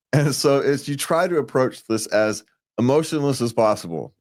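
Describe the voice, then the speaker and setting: A man of medium pitch talks at normal speed while co-hosting a relationship advice show. He's casual and rambling, restarting sentences, repeating words and chuckling often.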